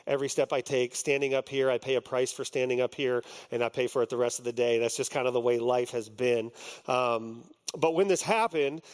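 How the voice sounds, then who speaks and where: A man's voice: mid-range voice, clean tone. A male pastor delivering a sermon, telling a personal story in a conversational way with many ums and restarts. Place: on a stage before a congregation.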